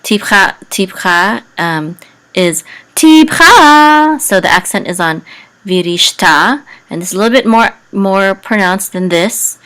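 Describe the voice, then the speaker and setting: Slow, low-voiced woman teaching with many pauses. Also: fairly even intonation, a bit bright. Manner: halting, many fillers, chants words in a higher sung tone. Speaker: Hebrew and Torah chant teacher. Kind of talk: casual tutorial, explaining and chanting words.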